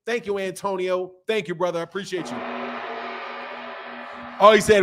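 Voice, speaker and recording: Animated man in his fifties, slangy boxing host. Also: high-pitched, moderate pace, long pauses, slight background noise. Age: 50s. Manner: loose, slangy and animated, laughing often. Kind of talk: casual live-stream chat.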